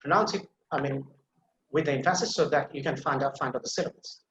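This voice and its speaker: A man's voice: fairly high pitch, quick pace, a bit bright, echoey room, a little hiss or hum. A man teaching English pronunciation in a live online class, patiently repeating words and restarting phrases as he explains, heard over a video call. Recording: slightly muffled video-call audio.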